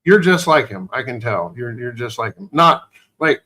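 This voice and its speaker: A man's voice: medium pitch, very animated, bright, forceful tone. A man in casual chat who reminisces fondly and often restarts his sentences. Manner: halting, fond reminiscing with many restarts.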